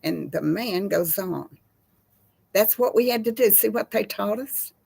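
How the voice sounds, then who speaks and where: Slow-drawling Texan woman, gravelly voice. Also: medium pitch, lively intonation, a little mellow, no echo. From Texas. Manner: slow folksy drawl, says y'all. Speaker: host. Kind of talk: casual chat with live chat viewers.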